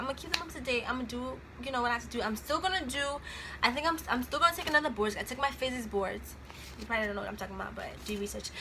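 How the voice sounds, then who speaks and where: A young woman in her twenties talks to the camera as if to a girlfriend, loose, slangy and rambling. Her voice is bright and a little high. Faint room noise sits behind her. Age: 20s. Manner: chatty, rambling, laughs often, slangy. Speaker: vlogger. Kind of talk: casual chat to camera.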